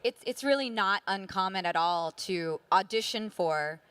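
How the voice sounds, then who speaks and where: A woman's voice: mid-range voice, animated, measured pace, fairly bright tone, clear, resonant tone, no echo. A woman, a voice actress on a conference panel, explaining in a matter-of-fact way. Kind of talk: casual panel chat.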